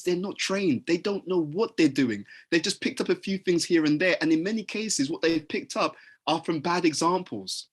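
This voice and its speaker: The leadership teacher here has a fairly high, slightly bright and husky voice. His talk is conversational, full of restarted sentences and acted-out example conversations.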